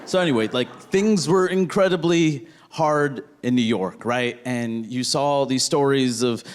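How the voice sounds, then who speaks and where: A man's voice: mid-range voice, a little slow. A man performing a stand-up set in a rambling way, tagging lines with "right?" and bursting into outrage, on a handheld stage mic. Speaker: stand-up comedian. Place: comedy stage with audience.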